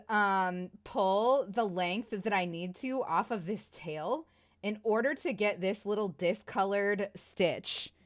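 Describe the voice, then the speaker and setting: A woman's voice: mid-range voice, dry recording, studio quality. A woman in her late thirties chatting casually with viewers while she crochets at home, out of breath, rambling and self-deprecating, laughing often. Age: late 30s. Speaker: streamer.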